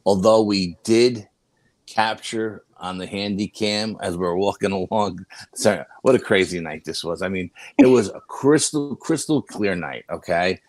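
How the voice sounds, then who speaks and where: An older man with a low, deep voice tells a long story as a guest. He rambles casually, restarting his sentences and filling gaps with "you know". The sound is close and dry, with no room around it. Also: dry recording. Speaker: paranormal investigator guest.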